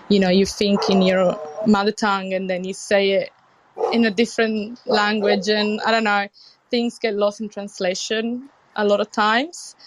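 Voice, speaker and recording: A woman's voice: medium pitch, a little hiss or hum. A young adult woman chef from Sicily with an Italian accent touched by British English, talking earnestly and frankly in an interview. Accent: Italian with British English influence. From Sicily, Italy. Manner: earnest, frank, with frequent restarts. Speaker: chef, guest. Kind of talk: casual interview conversation.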